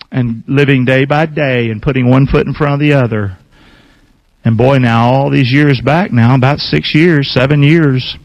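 A man's voice: mid-range voice, no echo. A man in his sixties, a pastor preaching a folksy, emphatic sermon with call-and-response to his congregation.

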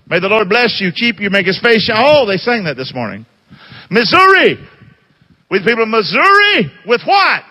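Emphatic high-voiced male preacher. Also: pushed and bright, big-room sound. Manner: call-and-response questioning, emphatic. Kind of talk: sermon.

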